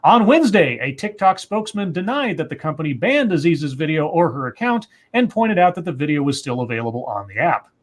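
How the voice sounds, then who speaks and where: A man's voice: a little high, big pitch swings, fairly quick, hardly any pauses. A man co-hosting a livestream, reading news articles aloud and breaking in with asides and self-corrections. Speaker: co-host.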